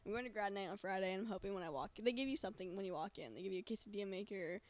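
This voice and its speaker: A woman's voice: medium pitch, rapid-fire. A teenage woman from California in casual chat, joking, giggly and rambling. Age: teens. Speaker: interviewee.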